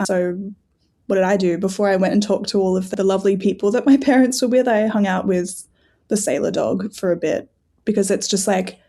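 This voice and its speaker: A woman's voice: mid-range voice, brisk. A woman guest on a podcast, telling stories with animation and frequent "like" fillers. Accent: non-American English. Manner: animated storyteller, laughs often, filler "like". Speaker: guest scholar. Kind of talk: casual conversational interview.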